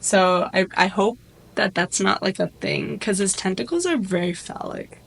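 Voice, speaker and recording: A woman's voice: mid-range voice, normal speed, vocal fry, slight background noise, rough recording. A woman vlogger casually retelling a plot, rambling and full of "like". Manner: rambling, lots of "like", animated.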